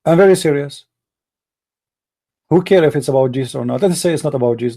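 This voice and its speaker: A man's voice: a little high, quick pace, warm tone. A man hosting a live debate stream, arguing emphatically with rhetorical questions and non-native grammar. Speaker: live debate show host.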